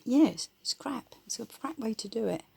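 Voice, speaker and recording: A woman's voice: a little high, expressive, moderate pace, gravelly, a little mellow, slightly rough. A woman giving her blunt, rambling opinions in casual, colloquial talk.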